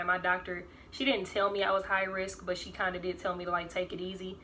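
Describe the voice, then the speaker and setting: A woman's voice: lowish voice, fairly bright tone, slight background noise. A young woman, rambling through a casual storytime vlog and full of fillers. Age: 20s. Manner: rambling, filler-heavy, acts out quoted voices. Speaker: vlogger.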